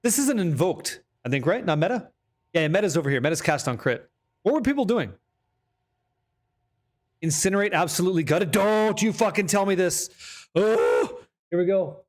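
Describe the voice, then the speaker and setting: A young man streaming a game, chatting casually with viewers, reading patch notes aloud and swearing freely when excited. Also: sits high, moderate pace, pauses often. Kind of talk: casual live-stream chat.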